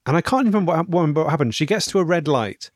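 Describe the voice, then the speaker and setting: A man's voice: on the high side, expressive, very fast, dry recording, studio quality. A man chatting casually, retelling a film's plot step by step. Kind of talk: casual film review chat.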